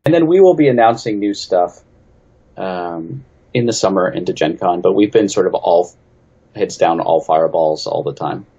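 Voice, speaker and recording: A man from New England with a very low, husky voice talks through interview questions as a game designer guest. He is chatty and snarky and pokes fun at himself. The audio is a little dull and lo-fi. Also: expressive, normal speed, dark tone. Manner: chatty, self-deprecating, snarky. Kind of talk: casual interview answers.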